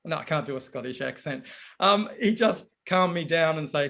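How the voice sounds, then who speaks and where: A man being interviewed on a video call, chatty and animated in telling stories. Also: mid-range voice, moderate pace, vocal fry. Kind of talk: casual conversation on a video call.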